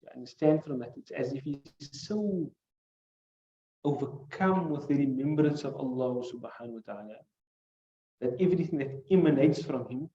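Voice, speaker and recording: A mellow, mid-range male voice at moderate speed delivers a hadith lesson to a class, explaining Arabic words one after another and asking rhetorical questions. He recites classical Arabic phrases amid his English, and the recording sounds muffled with echo.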